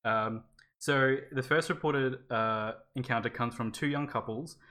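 A woman's voice: very deep voice, a little slow, a bit bright. A woman co-hosting a podcast, telling a spooky story in casual chat, swearing freely and laughing often. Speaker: podcast co-host.

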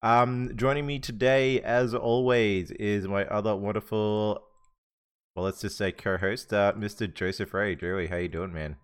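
A man's voice: lowish voice, flat delivery, measured pace, smooth. A man hosting a casual podcast chat among friends, laid-back, swearing and laughing often. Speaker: podcast host.

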